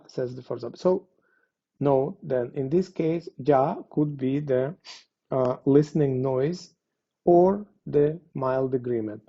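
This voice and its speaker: A man's voice: mid-range voice, unhurried, warm tone, highs cut off. A man teaching a Spanish lesson, explaining patiently with frequent fillers. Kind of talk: language lesson.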